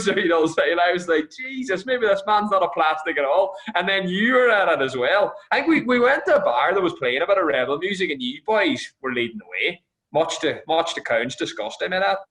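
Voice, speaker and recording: Bright-voiced Irish podcast host. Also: male voice, sits high. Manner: swearing, teasing, animated anecdotes. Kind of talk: casual chat, storytelling.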